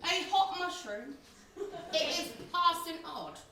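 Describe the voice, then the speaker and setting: A woman's voice: very high-pitched, animated, takes it slowly, sharp tone, a little hiss or hum, full character voice. A woman playing a meek, bumbling pirate sidekick in an amateur stage pantomime, heard from far off in a very echoey hall. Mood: puzzled. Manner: apologetic, hesitant.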